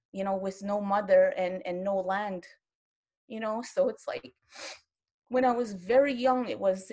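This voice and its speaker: A woman's voice: mid-range voice, darkish tone. Earnest woman from Quebec speaking. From Quebec, Canada. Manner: earnest, impassioned, with frequent restarts. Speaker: round-table panelist. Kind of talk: online round-table talk. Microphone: video call.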